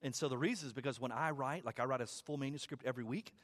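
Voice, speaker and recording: A pastor preaches a sermon at a racing pace, speaking conversationally and repeating words as he builds to loud, high climaxes.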